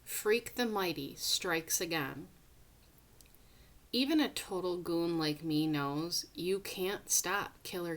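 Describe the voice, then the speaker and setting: A woman reads a novel aloud in a fairly low voice at an unhurried, deliberate pace. Her delivery is dramatic, and she sometimes sinks into a hushed whisper. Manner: dramatic, breaking into hushed whispers at tense moments. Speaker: audiobook reader. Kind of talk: first-person novel reading aloud.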